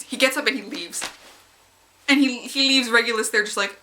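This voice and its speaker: Giggly young woman rambling excitedly. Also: on the high side, normal speed, a little hiss or hum. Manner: excitable and giggly, squeals when quoting her own reactions. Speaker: fanfic reviewer. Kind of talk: casual rambling review.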